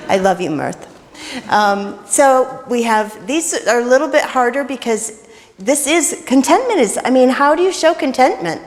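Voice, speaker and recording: A woman minister leading an interactive sermon, chatty and playful with quick jokes, in a church. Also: mid-range voice. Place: church sanctuary. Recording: reverberant church hall.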